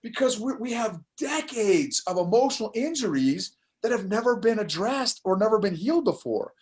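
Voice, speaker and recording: Animated older man, a podcast guest. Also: high-pitched, normal speed. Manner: animated, laughs while telling stories, frequent restarts. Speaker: podcast guest, course creator. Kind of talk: casual interview conversation.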